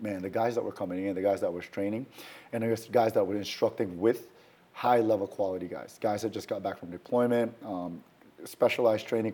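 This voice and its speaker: Animated storytelling man, loud acted-out quotes. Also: breathy edge. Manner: acts out quoted lines with sudden loud raised pitch; casual, swaps in mild words for swearing. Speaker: guest, firearms trainer.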